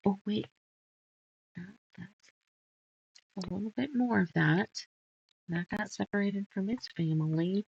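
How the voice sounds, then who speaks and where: A woman's voice: mid-range voice, measured pace, creaky, long pauses, a little mellow, dull audio, slight background noise. A woman hosting a casual sew-along, muttering measurements and chatting while she sorts fabric pieces. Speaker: quilting channel host.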